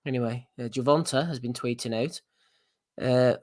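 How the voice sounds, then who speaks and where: A man's voice: medium pitch, moderate pace, darkish tone, no room sound, clean studio sound. A man hosting a boxing podcast, reading out news items and laughing often. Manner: giggly, reads out news items. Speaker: podcast host. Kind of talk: casual chat.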